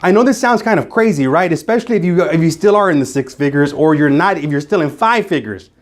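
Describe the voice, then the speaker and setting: A man's voice: fairly high pitch, expressive, fast talker. A man giving a motivational speech to a live audience in a meeting room, emphatic and repeating phrases for effect. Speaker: motivational speaker.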